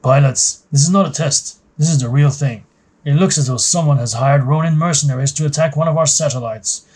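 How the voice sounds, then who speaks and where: Brief: good-natured male pilot lieutenant, space game story, voiced by a man in a mellow tone. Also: fairly high pitch, a little fast, breathy edge. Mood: urgent. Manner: teasing, then urgent.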